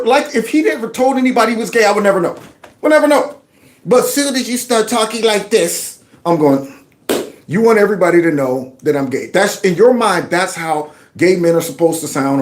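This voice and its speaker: A man hosting a casual opinion commentary show, emphatic and given to repeating his phrases. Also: high-pitched. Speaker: commentary channel host.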